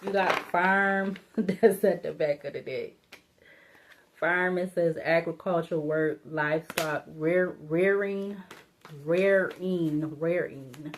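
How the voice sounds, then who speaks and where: A woman's voice: fairly low pitch, steady tone, slow, slight background noise. A woman giving a casual solo tarot reading, thinking aloud, rambling and laughing to herself, blunt and informal. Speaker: tarot reader.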